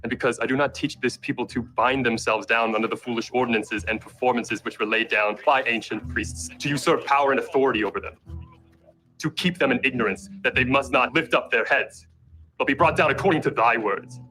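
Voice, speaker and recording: Brief: man as defiant heretic preacher, bright forceful tone, declaiming in a church film. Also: mid-range voice, brisk, natural voice, poor audio. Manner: declaiming, accusing, in scripture-style speech.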